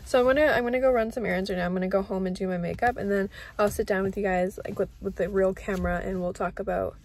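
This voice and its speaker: A woman's voice: mid-range voice, fairly even intonation, fast, darkish tone. A young woman in her twenties chatting casually to camera as a vlogger, full of "like" and "um" fillers. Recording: faint background noise.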